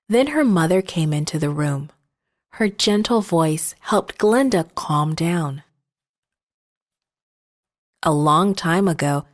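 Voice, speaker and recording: A woman narrating children's Bible stories in a gentle, measured storytelling manner. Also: fairly low pitch.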